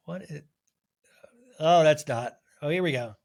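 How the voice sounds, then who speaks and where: A man hosting a solo podcast recap, talking in an animated, rambling way and swearing freely. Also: a little high, a little slow. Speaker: podcast host.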